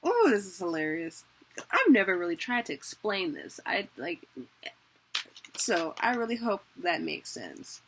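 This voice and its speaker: A woman's voice: fairly low pitch, big pitch swings, measured pace, noisy background. A young woman giving a casual, chatty online lesson, laughing at herself as she explains. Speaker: teacher.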